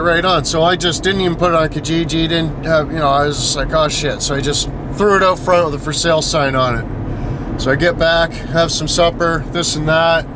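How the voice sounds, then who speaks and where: A man's voice: on the high side, noisy background. A young man, telling rambling stories in a crude, slangy way to his viewers. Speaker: vlogger. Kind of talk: rambling casual storytelling. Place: in a vehicle on the road.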